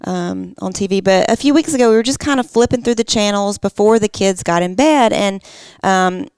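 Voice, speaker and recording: A woman in her thirties co-hosting a podcast, speaking in an earnest, measured way in casual conversation. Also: mid-range voice, darkish tone, clear, resonant tone, dry recording. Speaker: podcast co-host.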